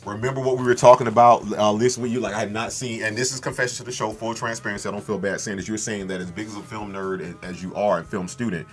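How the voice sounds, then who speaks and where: A man co-hosting a podcast, rambling excitedly about films, swearing often and breaking into loud impressions. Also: on the low side, rapid-fire, hardly any pauses, faint music behind. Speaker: podcast co-host. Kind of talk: excited film chat.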